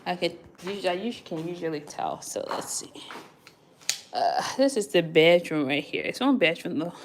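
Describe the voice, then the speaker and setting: A woman's voice: on the low side, a little fast, a little hiss or hum. Chatty, laughing young woman vlogger. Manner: chatty, laughs often, animated storytelling. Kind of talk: casual walkthrough vlog. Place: indoors, walking through an apartment.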